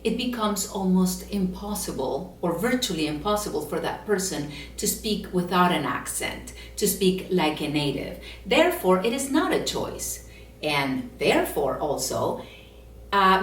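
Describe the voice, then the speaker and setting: A woman's voice: medium pitch, slight background noise. A woman from Latin America with a Latin American Spanish accent, making an earnest, methodical case in an opinion vlog. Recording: roomy echo, mic at a distance.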